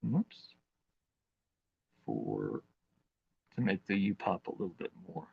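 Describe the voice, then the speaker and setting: A man hosting a live craft demonstration, talking in an unhurried, chatty way with plenty of fillers as he works with his hands. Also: low voice, big pitch swings, vocal fry, slightly rough, dry recording, narrow, tinny audio. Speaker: craft demo host.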